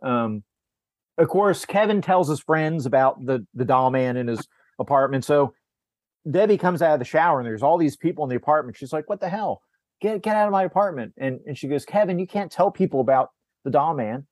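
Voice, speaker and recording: A man's voice: medium pitch, animated, fairly quick, no room sound, clean studio sound. Man recapping a film, acting out quotes. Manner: rambling recap, acts out character lines, frequent restarts. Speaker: podcast host. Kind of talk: casual movie discussion.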